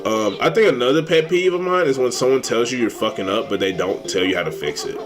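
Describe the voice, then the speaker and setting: A young man streaming games, ranting in a casual, animated way, swearing and exasperated. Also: medium pitch, fast, over music. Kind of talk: casual rant while gaming.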